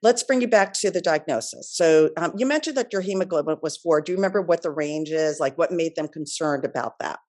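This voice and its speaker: Deep-voiced woman interviewer, gentle and sympathetic, kinda halting. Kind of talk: interview questions.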